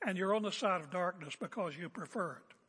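A man's voice: high voice, fairly quick, pushed and bright, breathy edge. A man preaching a sermon as a pastor, emphatic and confrontational, hammering home repeated phrases. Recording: echoey hall with long reverb.

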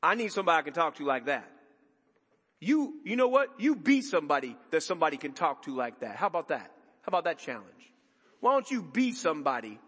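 A man preaching a sermon as pastor, emphatic and conversational with dramatic pauses, in a church sanctuary. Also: a little high, fairly bright tone, breathy edge, in a large hall.

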